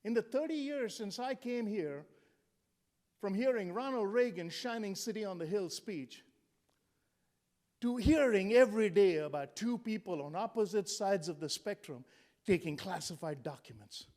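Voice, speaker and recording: High-voiced man in his sixties, punchy speaker. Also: lively intonation, normal speed, darkish tone. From India. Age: 60s. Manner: punchy, joking, rhetorical questions. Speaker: motivational speaker. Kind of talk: humorous motivational speech.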